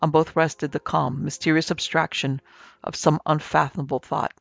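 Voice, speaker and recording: Gravelly male audiobook narrator. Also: a little high, level tone, normal speed, no echo. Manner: formal, dramatic reading. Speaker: narrator and producer. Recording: slightly muffled with soft music.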